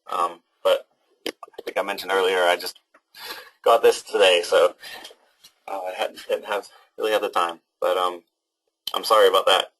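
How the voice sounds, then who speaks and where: A young man with a lowish, sharp voice teaches an online class, heard through poor audio. His casual webinar talk to students is hesitant, full of ums and restarts.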